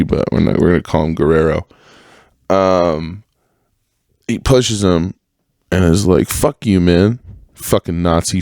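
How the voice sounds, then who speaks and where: A man's voice: sits low, a little mellow, clear, resonant tone, no echo, studio quality. A young man hosting a casual podcast monologue, telling a story in a rambling, profane way with lots of fillers and restarts. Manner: profane, rambling, full of fillers and self-corrections. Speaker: podcast host.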